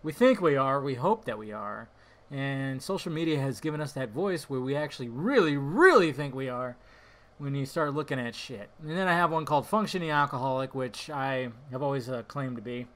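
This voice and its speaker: Young man, podcast host, casual rambling talk, tangents, bright forceful voice. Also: mid-range voice, expressive, a little fast.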